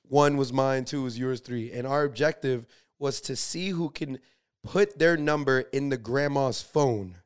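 A man's voice: mid-range voice, a little slow, clear, resonant tone. A young man co-hosting a casual podcast, telling a story and acting out the quotes in funny voices. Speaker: podcast co-host.

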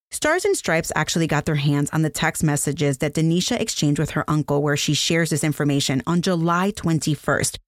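A woman's voice: low voice, no echo. A woman hosting a podcast, telling a case in earnest, descriptive scripted narration into a studio microphone. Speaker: podcast host.

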